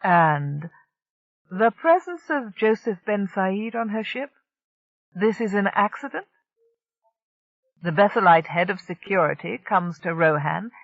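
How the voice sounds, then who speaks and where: A smooth, cool crime-family boss's enforcer, as an audiobook reader voices him, measured and quietly menacing. He sounds close and dry, with a slightly dull, lo-fi tone. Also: medium pitch, dry recording.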